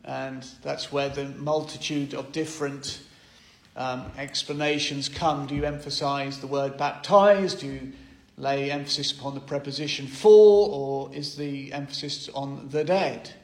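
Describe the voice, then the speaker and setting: Slow, measured male preacher in an echoey room. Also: medium pitch, vocal fry. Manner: slow, measured, thoughtful explanation with pauses. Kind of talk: expository sermon.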